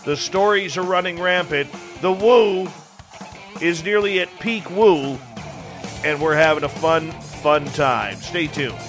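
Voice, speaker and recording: A man's voice: fairly high pitch, lively intonation, slow pace, a bit bright, soft background music. A male radio talk show host, upbeat and announcer-like.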